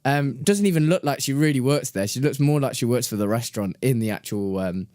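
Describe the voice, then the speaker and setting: A man's voice: medium pitch, brisk, a little mellow, dry recording, clean studio sound. A young man, co-hosting a casual podcast and telling rambling stories with frequent laughs. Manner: chatty, laughs often, rambling. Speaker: podcast co-host. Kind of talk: casual chat, storytelling.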